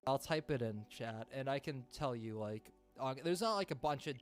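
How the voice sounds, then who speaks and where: A man's voice: mid-range voice, expressive, normal speed, faint music behind. A man hosting a live-stream tournament, chatting loosely and laying out the rules. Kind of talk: casual stream talk explaining rules.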